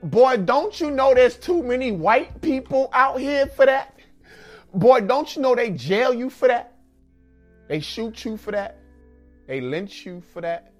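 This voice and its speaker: A man's voice: very high-pitched, lively intonation, measured pace, faint music behind, voice pushed up. A man in a spoken-word poem voicing a stern mother who scolds and warns a boy sharply. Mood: scolding.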